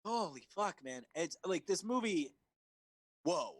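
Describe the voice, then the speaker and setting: A man co-hosting a movie review podcast in casual chat over a remote call, animated and swearing freely. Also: high-pitched, measured pace, no echo. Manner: animated, swearing, laughs, mimics lines. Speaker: podcast co-host. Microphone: remote call recording.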